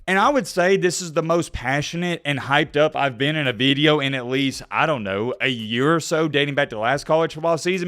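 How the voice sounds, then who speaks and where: A man's voice: a little high, fast, few pauses, a bit bright. A man ranting sarcastically and directly to viewers in sports commentary. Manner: heated, sarcastic, talks straight to viewers.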